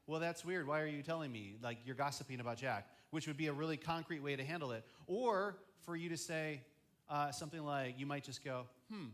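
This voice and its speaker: A man's voice: on the high side, a bit bright. A young man preaching as a student ministry pastor, chatty, often acting out quoted voices. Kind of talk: youth sermon.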